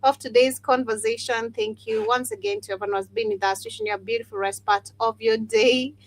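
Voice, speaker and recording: Gravelly woman reading comments. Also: on the high side, animated, brisk. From Kenya. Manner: reads chat comments aloud, laughs often. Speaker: co-host reading viewer comments. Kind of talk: casual podcast banter.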